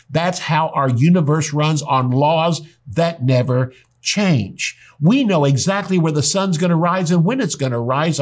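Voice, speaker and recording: Animated preaching pastor, a man. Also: a little high. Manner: animated storyteller acting out dialogue. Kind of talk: sermon with storytelling.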